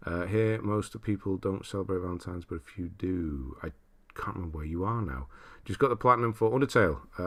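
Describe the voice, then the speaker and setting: A man from Britain hosting a casual livestream, reading viewer comments aloud and laughing often. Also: low-pitched. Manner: chatty, laughs often, reads chat aloud. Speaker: livestream host.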